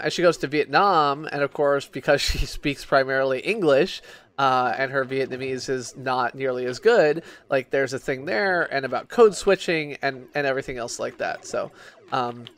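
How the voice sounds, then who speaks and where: A man's voice: medium pitch, fairly bright tone, smooth. A drunk man streaming games, rambling and swearing in casual chat, with lots of restarts and fillers. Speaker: game streamer.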